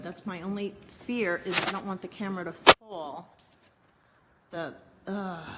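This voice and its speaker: A bright, clear-voiced woman live-streaming from her home kitchen, talking to herself and her viewers as she fiddles with her camera. She sounds flustered and mutters through a tablet mic, with faint room sound behind her. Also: medium pitch, slight background noise. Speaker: cooking show host. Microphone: phone or tablet camera mic.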